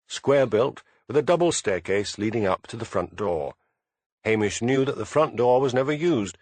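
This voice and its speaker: Man, audiobook narrator, measured storytelling, animated pitch, dry close sound. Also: slightly rough, dry recording. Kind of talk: scripted narration.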